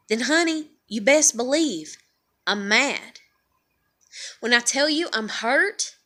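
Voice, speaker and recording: A woman's voice: fairly high pitch, a bit bright. Profane, heated woman venting. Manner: heated, profane, repeats phrases for emphasis; rhetorical questions. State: upset and tired. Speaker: vlogger. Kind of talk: unscripted emotional rant to camera.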